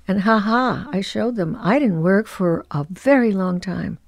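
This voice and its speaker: Expressive woman in her eighties. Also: medium pitch, unhurried, creaky, no echo, clean studio sound. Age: 80s. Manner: expressive storyteller, drops to soft asides. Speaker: guest. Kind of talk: casual interview conversation.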